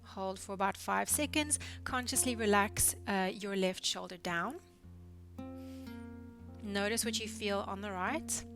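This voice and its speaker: Calm woman guiding neck exercises. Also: medium pitch, a little slow, soft background music. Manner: calm, encouraging step-by-step cueing. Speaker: physiotherapist instructor. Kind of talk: guided exercise instruction.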